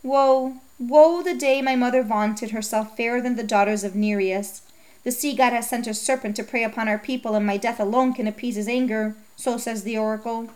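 A grieving young princess in a storybook, chained and lamenting, as a woman reader voices her. The voice sits fairly high and keeps to formal, old-fashioned phrasing. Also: fairly even intonation, moderate pace, a little mellow, close to an everyday voice, poor audio.

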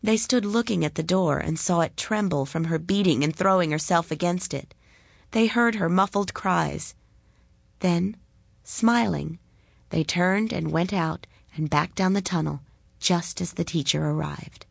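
A woman narrator reads a story aloud calmly and deliberately, taking her time over every line. Her slightly low voice has a creaky, breathy edge, and the recording is close and dry with no echo.

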